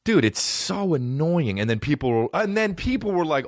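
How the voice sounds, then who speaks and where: A man hosting a podcast, ranting in a profane, mocking, animated comic way into a close mic. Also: on the high side, moderate pace, dry recording. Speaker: podcast host. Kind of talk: solo comedic rant.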